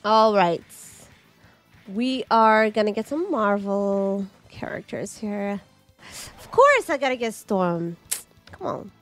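A woman giving excited, chatty commentary while playing an arcade game, with squeals and laughs. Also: mid-range voice, takes it slowly, faint music behind. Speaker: gaming streamer.

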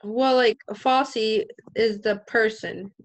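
A woman's voice: on the high side, steady tone, slow. Woman, student, class discussion, hesitant, lots of fillers, video call.

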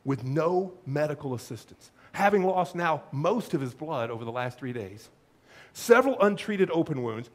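A man preaching a sermon as pastor, animated and humorous, acting out little asides. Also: fairly high pitch, normal speed.

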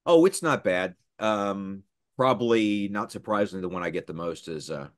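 A middle-aged man, a voice actor, chatting casually in an interview and telling lively stories. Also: on the low side, moderate pace. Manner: animated storyteller, slips into character voices. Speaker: voice actor guest.

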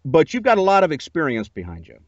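A man's voice: a little high, wildly swooping pitch, quick pace, no room sound. A man hosting a podcast who talks in an easygoing, conversational way and laughs often. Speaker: podcast host interviewing a narrator. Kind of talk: casual chat. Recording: dull lo-fi dry recording.

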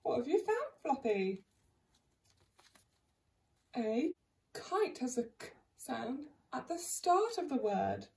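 A woman teacher giving a phonics lesson to young children, sounding out letters slowly and clearly in a sing-song way. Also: sits high, big pitch swings, a little mellow, recorded from a distance. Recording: echoey room, away from the mic.

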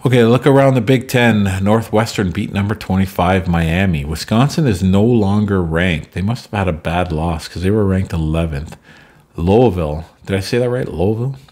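A man's voice: low voice, moderate pace, few pauses, darkish tone. A man giving casual, chatty commentary over a sports sim game from home, drifting into rambling asides. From Canada. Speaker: gameplay commentator.

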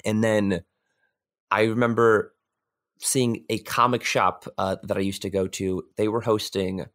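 A man's voice: lowish voice, little pitch movement, measured pace, a bit bright. A young man from New York telling a story in casual podcast chat, rambling with lots of fillers and restarts. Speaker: podcast guest.

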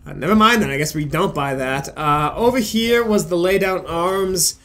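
A man's voice: high-pitched, moderate pace, fairly bright tone. A young man hosting a gaming channel, rambling and joking with plenty of swearing as he comments on his play. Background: faint game music.

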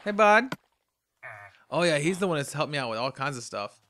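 A man's voice: fairly high pitch, lively intonation, fast, fairly bright tone. A tired man hosting a game let's play, rambling chattily to himself in casual commentary as he plays. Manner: rambling, chatty, talks to himself while playing. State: tired and yawning.

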